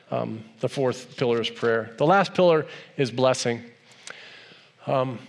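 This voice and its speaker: A middle-aged man preaching a sermon about family faith, talking in a relaxed, conversational way and growing emotional as he speaks of his sons and their wives. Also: medium pitch. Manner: warm, conversational, softens and grows emotional when speaking of family. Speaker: pastor.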